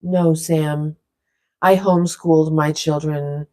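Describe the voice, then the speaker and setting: A woman leading a silly vocal warm-up in a playful, rambling way, drifting into loose improvised rapping. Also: low voice, steady tone, takes it slowly. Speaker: vlogger leading a vocal exercise. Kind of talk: playful casual instruction.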